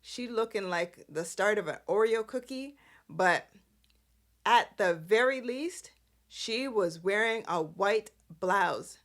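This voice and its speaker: Give me a sassy, exasperated woman hosting a casual recap, slow-paced. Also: medium pitch, lively intonation. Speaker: host.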